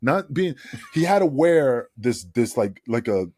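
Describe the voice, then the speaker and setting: Husky-voiced man telling a rowdy story. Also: medium pitch, unhurried, dry recording. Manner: animated, laughing storyteller, swears freely. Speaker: guest, former wrestler. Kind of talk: casual storytelling. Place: podcast studio.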